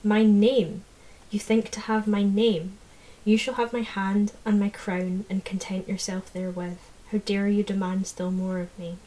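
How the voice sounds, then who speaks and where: A woman's voice: mid-range voice, flat delivery, normal speed, dark tone, natural voice, rough recording. A woman reading aloud, voicing a proud, cold fairy lord who speaks with hissing contempt. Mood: haughty. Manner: hissing, haughty.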